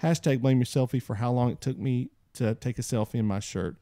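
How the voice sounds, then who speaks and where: A man hosting a podcast in casual chat, reading out listener posts and jumping up in pitch when he wants to stress a point. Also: a little fast, dry recording, clean studio sound. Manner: animated, jumps high in pitch for emphasis. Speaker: podcast host.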